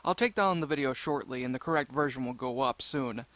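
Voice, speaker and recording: A man reading a creepypasta story aloud in a steady, measured narration. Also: mid-range voice, no echo.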